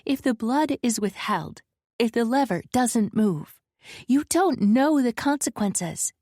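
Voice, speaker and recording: A woman voicing a defiant, sharp-tongued young woman in an audiobook scene, answering back with cutting retorts. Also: fairly high pitch, expressive, slow, no room sound, clean studio sound, voice pushed up.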